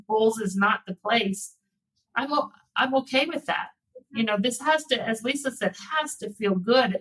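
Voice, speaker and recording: A woman working in private school admissions, talking through interview tips in a relaxed panel discussion, with frequent restarts. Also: on the high side, low-quality recording. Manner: warm conversational storytelling with many restarts.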